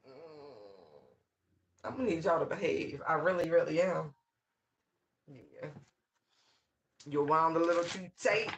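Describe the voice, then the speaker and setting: Male tarot reader, fairly high voice, rambling slangy delivery, light hiss and clicks. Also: moderate pace, gravelly, long pauses, fairly bright tone. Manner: loose, slangy, rambling talk with many fillers. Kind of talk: casual channeled tarot reading.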